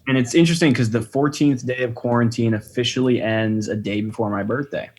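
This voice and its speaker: A young man, a podcast guest, telling a trip story in a relaxed, chatty way, swearing freely and saying "you know" a lot. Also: mid-range voice, fairly quick. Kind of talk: casual chat.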